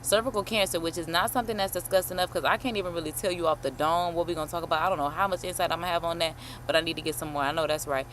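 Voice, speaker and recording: A woman host chatting casually while reacting to a video, animated and slangy, swearing and calling listeners honey. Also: lowish voice, rapid-fire, few pauses, a little hiss or hum. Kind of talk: casual chat.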